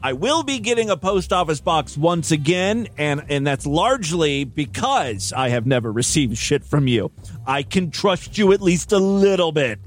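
A man's voice: a little high, big pitch swings, moderate pace, faint music behind. A man hosting a podcast, giving crude, irreverent commentary on clips. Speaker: podcast host.

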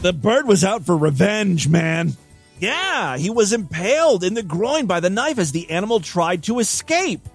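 Lively wisecracking male podcast host. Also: high-pitched, normal speed, soft background music. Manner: wisecracking, mock-outraged asides. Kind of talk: comic news commentary.

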